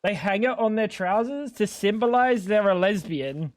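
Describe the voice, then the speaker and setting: Swearing Australian streamer, dry sound. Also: male voice, sits high, animated, normal speed, no echo. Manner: profane, joking, indignant. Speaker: game streamer. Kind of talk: casual gaming stream banter.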